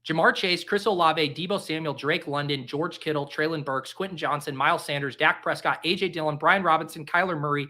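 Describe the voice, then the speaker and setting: A man hosting a live stream, making casual commentary full of jokes and quick exclamations. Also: a little high. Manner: animated, joking, quick exclamations. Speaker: livestream host.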